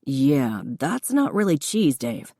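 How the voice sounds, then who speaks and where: A woman's voice: low voice, very animated, slow pace, no echo, studio quality, heavily acted. Woman voicing a patient young man teaching cooking. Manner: patient, encouraging, gently instructive.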